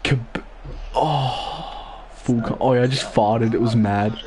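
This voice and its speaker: A man's voice: medium pitch, takes it slowly, a crowd in the background. A young man streaming a football video game, chatting casually with crude swearing and joking banter. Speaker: gaming streamer. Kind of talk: casual gaming-stream chat.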